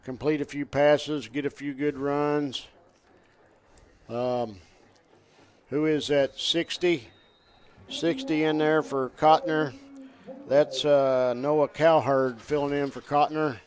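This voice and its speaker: A man giving color commentary at a high school football game, folksy and coach-like in his analysis. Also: fairly even intonation, takes it slowly.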